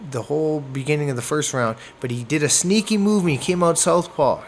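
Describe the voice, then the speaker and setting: A man from Canada, a boxer, telling a fight story in a casual interview, animated and acting out moments with sound words. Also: fairly high pitch, fairly quick, a little hiss or hum. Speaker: boxer guest.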